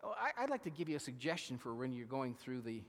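A man's voice: medium pitch, big pitch swings, quick pace, a bit bright, long reverb tail. A male pastor giving a conversational sermon, often asking his congregation questions. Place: church sanctuary.

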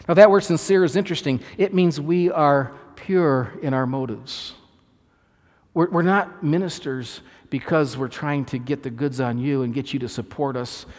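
Male pastor, sermon delivery, earnest and emphatic, slightly higher voice, long hall reverb. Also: moderate pace, darkish tone. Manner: earnest preaching with repeated restarts and emphatic quoted lines.

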